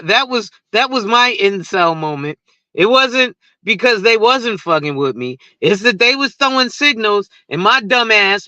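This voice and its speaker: A man's voice: sits high, pushed and bright, dry recording, muffled recording. A man who talks insurance on social media, ranting in a casual, profane and rambling way and laughing at his own stories. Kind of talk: casual rant to camera.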